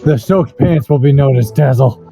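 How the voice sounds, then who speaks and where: A man playing a tabletop role-playing game, cracking deadpan crude jokes. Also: medium pitch, normal speed. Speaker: player. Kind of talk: tabletop role-play banter. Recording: dull lo-fi recording with faint music.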